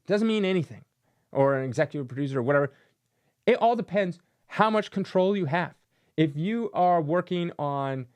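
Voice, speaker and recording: A man with a gravelly, creaky voice talks straight to his audience in a casual rant. He is sarcastic and mocking, and now and then slips into silly voices to make fun of things. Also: a little high, a little mellow. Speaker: comic collector channel host.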